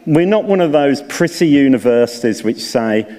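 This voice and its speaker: A man's voice: medium pitch, normal speed. An older man giving a chatty, story-filled speech to graduates at a ceremony. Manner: chatty, anecdotal, animated when quoting others. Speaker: university leader addressing graduates. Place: large hall. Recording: reverberant hall recording.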